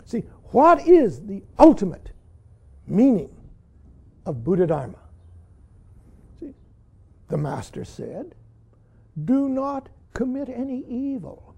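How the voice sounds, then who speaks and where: Gravelly older man giving a dramatic dharma talk. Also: extremely high pitch. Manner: peppers speech with "see", swings from loud emphasis to hushed whispers. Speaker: Zen teacher.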